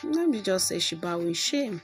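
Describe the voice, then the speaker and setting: A woman's voice: lowish voice, big pitch swings, normal speed, soft background music. A woman hosting a step-by-step tutorial, explaining as she goes and often checking in with "okay". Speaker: tutorial host. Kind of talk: screen-recording tutorial.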